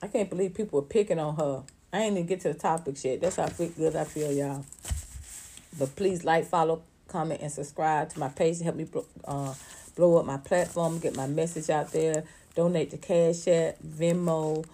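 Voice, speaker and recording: A woman, hosting casual celebrity gossip commentary in an animated, profane way, laughing often. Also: low-pitched, moderate pace, a little hiss or hum. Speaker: commentary channel host.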